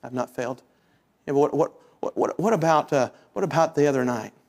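High-voiced man preaching. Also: animated, fast, vocal fry, darkish tone. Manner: preaching with rising intensity and direct appeals to the congregation. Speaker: pastor. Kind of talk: sermon.

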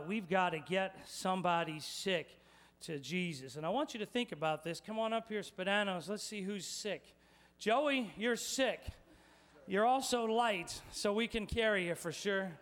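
Upbeat preacher guy, highish voice, playful, calling folks up front. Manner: energetic, playful, addresses the congregation directly. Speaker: pastor. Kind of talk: sermon with live demonstration.

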